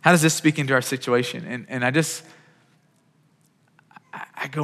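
A man's voice: mid-range voice, fairly even intonation, normal speed, long pauses, fairly bright tone. Earnest male pastor in a reverberant hall. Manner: earnest, repeats words when starting phrases, rising to urgent peaks. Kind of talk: sermon.

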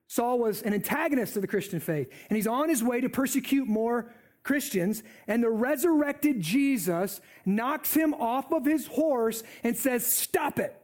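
A man preaching a sermon in an animated, conversational way. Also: very high-pitched.

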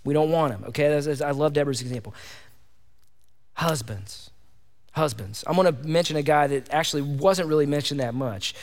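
A man's voice: a little high, quick pace, few pauses. A male pastor preaching a fervent sermon, firing off repeated rhetorical questions to his congregation. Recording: long hall reverb.

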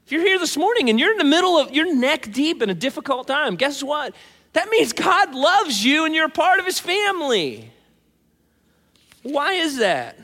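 A man preaching a sermon as pastor, talking in an animated, conversational way with frequent asides. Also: extremely high pitch, moderate pace. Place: church sanctuary. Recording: long hall reverb.

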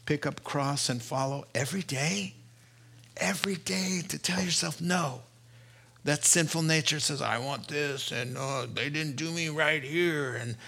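A middle-aged man delivers a sermon as pastor, his slightly raised voice carrying a gravelly edge. He talks in an earnest, storytelling way and climbs higher when he acts out the dialogue of an anecdote. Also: a bit bright.

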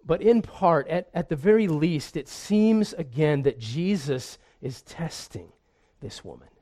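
A man's voice: on the high side, expressive, a little slow, mellow. A man preaching a sermon in an earnest way, often repeating a word as he restarts. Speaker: pastor.

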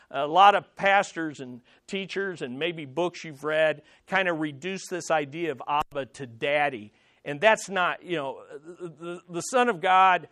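A man's voice: a little high, fairly bright tone, no echo, clean studio sound. A man preaching a sermon as a pastor, earnest and emphatic, leaning hard on key words.

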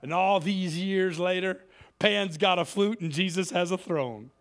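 A man's voice: high voice, measured pace. A man from the inner city preaching a sermon in a church, telling stories and acting out the voices of the people in them. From Cleveland inner city. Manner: lively storytelling, acts out quoted voices. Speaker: guest preacher.

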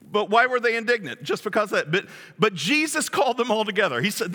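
A high-pitched male pastor preaches in a forceful, sharp voice that swings widely in pitch. He jokes and acts out quotes with animated energy, and his sermon echoes through a large church hall. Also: quick pace.

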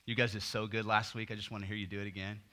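Bright-voiced man preaching a sermon. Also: fairly low pitch, little pitch movement, racing. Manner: dramatic swings from loud to hushed. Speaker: pastor.

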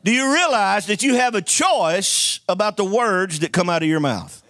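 A man's voice: sits high, lively intonation, moderate pace, a bit bright, no echo. A man preaching a sermon, telling folksy stories and calling for amens from the congregation. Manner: call-and-response preaching, folksy storytelling.

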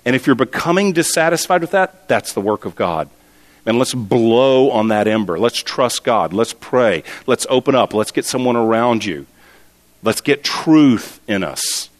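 A man's voice: mid-range voice, expressive, a little slow, big-room sound. A man preaching a sermon as pastor, earnest and repeating key words for emphasis.

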